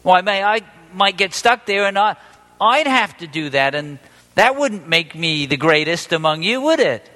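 A man preaching a sermon, animated and quizzing his audience, acting out the quotes he reads. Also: high voice, moderate pace. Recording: long hall reverb.

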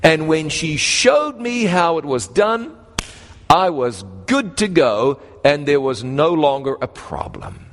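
A man from New Zealand with a New Zealand accent, preaching a storytelling sermon with animated swings in pitch and slow, emphatic phrases. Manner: animated, rises and drops sharply in pitch, slows for emphasis. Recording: long hall reverb.

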